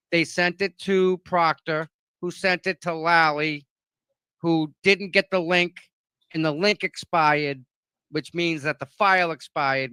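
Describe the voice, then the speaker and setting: Boston-accented male co-host, blunt, punchy delivery, bright dry voice. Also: a little high, clean tone, no echo. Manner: emphatic and blunt. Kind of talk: casual chat.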